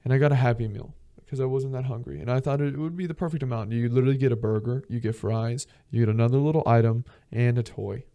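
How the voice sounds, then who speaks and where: A young man from Georgia hosting a podcast, telling travel stories in a casual, profane, animated way and acting out the people he quotes. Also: medium pitch, quick pace, few pauses, dull audio. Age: young adult. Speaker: podcast host. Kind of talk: casual storytelling monologue.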